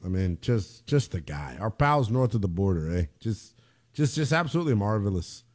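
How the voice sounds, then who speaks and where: A man doing a put-on Canadian accent, playing a jovial, folksy Canadian man with a drawn-out, exaggerated drawl. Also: fairly low pitch, very animated, a little mellow, voice pushed down. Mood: chummy.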